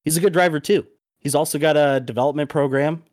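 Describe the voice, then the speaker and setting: A man hosting a podcast, telling a story in a casual, animated way with plenty of swearing. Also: fairly high pitch, fast talker, no room sound, clean studio sound. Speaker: podcast host. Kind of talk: casual chat.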